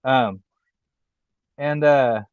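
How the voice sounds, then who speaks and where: A man co-hosting a wrestling podcast in casual chat, rambling with lots of fillers and getting animated when he retells things. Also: mid-range voice, extremely slow, clean tone, no room sound, dull audio. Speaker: podcast co-host.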